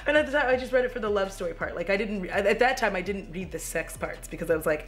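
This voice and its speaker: A woman in her thirties giving a casual, chatty movie review at home, animated and quick to laugh and swear. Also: medium pitch.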